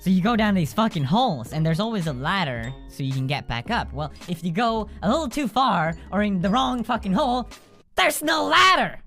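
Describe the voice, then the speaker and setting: A young man hosting a gaming video, telling comic stories in a casual, profane, animated way and laughing often. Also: a little high, fairly quick, faint music behind. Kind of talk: casual comedic storytelling.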